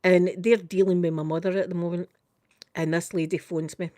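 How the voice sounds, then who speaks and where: An older woman with a Scottish accent tells a story in a casual chat. She is animated and keeps saying "I says" as she retells a conversation. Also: lowish voice, brisk, dry recording, studio quality. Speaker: vlogger.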